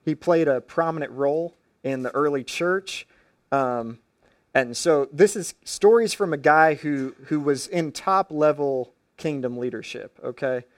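A man's voice: fairly high pitch, unhurried, dry recording, clean studio sound. A man preaching a sermon as pastor, retelling stories in casual everyday phrasing with frequent restarts.

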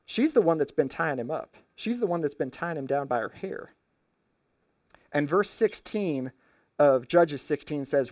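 A man preaching a storytelling sermon in a conversational, animated way with slangy asides. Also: fairly high pitch, unhurried, no room sound, clean studio sound.

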